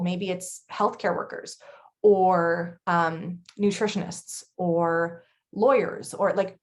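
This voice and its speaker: A woman in her thirties co-hosting a casual chat, blunt and chatty with quick laughs. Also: mid-range voice. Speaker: podcast co-host.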